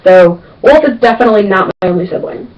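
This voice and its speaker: A woman's voice: mid-range voice, expressive, fast talker. A young woman answering viewer questions in a casual vlog, chatty and emphatic, repeating words for stress. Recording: distant, dull lo-fi webcam sound.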